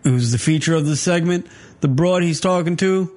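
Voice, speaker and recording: A man's voice: a little high, moderate pace, darkish tone. A man hosting a radio talk show, mocking a TV clip in blunt, profane banter. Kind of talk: crude comic banter reacting to a TV clip.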